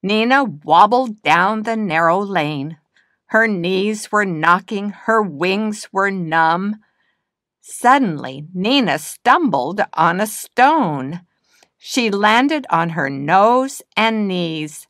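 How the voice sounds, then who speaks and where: Slow, expressive woman reading a storybook. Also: mid-range voice, no room sound, studio quality. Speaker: storybook reader. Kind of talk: children's storybook narration.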